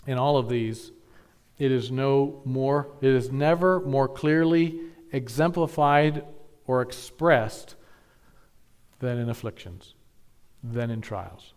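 A man preaching a sermon, teaching carefully with measured emphasis and occasional restarts. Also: medium pitch, steady tone, darkish tone. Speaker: pastor.

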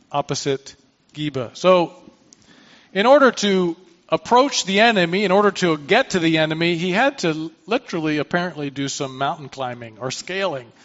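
A pastor with a fairly high, fairly bright voice preaches a sermon, reading scripture aloud before explaining it conversationally with asides and restarts. The recording sounds muffled.

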